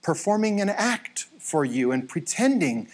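A man's voice: a little high, a little slow. A middle-aged man, a pastor, telling stories in a casual sermon to his church and acting out the voices of the people in them. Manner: storytelling, acts out voices in quotes, animated. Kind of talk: conversational sermon with anecdotes. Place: church sanctuary.

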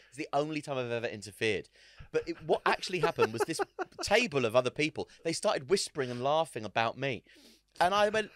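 A man's voice: medium pitch, big pitch swings, a little fast, fairly bright tone, dry recording, studio quality. A man, a comedian guest in a casual podcast chat, telling sweary, self-mocking stories and mimicking other voices.

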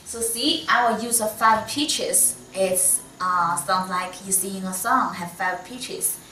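Chinese-accented woman tutor, slow, careful, non-native English; bright tone, roomy sound at a distance. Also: medium pitch, slight background noise. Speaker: Mandarin teacher. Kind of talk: one-on-one online lesson. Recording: echoey room, voice from a distance.

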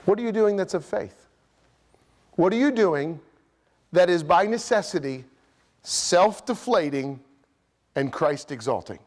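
A man's voice: sits high, lively intonation, unhurried, long pauses. A man preaching a sermon as pastor, passionately pressing his points and voicing imagined objections from the congregation. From United States. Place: church sanctuary.

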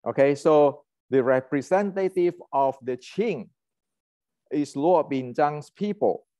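A man's voice: fairly high pitch, takes it slowly, dark tone, dry recording. Heated man. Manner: heated, ranting, many restarts and fillers. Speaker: martial arts channel host. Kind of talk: casual lecture.

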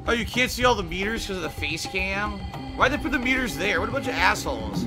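A man live-streaming a video game, swearing, shouting at jump scares and thanking viewers for donations. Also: high voice, lively intonation. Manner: profane, quick to yell at scares and thank donors. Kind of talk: live gameplay commentary. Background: game music.

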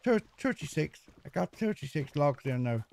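Guy rambling over his game, voice jumps all over, soft dark tone, bit of hiss. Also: on the high side, very animated, moderate pace, vocal fry. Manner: chatty, jokey, talks to himself while playing. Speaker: gaming video host. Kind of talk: casual let's-play commentary.

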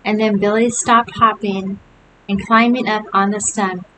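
A woman's voice: medium pitch, measured pace. Woman reading a storybook aloud, hissy recording. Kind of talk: children's book read-aloud. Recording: steady hiss behind the voice.

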